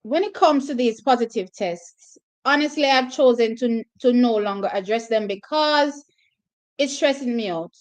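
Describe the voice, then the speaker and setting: Jamaican woman host, slightly high voice, chatty live-stream commentary, reacts to chat. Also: normal speed. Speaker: livestream host. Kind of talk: casual livestream commentary.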